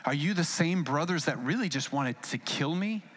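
A man's voice: a little high, animated, moderate pace, fairly bright tone. A man voicing a wronged brother who speaks in a grave, accusing way.

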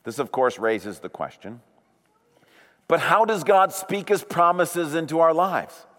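Slow, measured pastor in reverberant hall. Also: male voice, fairly high pitch, animated, fairly bright tone. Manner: slow, deliberate preaching with drawn-out emphasis. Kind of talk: sermon.

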